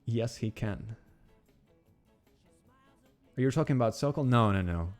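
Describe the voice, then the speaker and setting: A man with a Russian accent, speaking English as a second language and co-hosting a casual chat, meandering and halting as he explains things. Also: medium pitch, lively intonation, a little mellow, faint music behind. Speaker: podcast co-host.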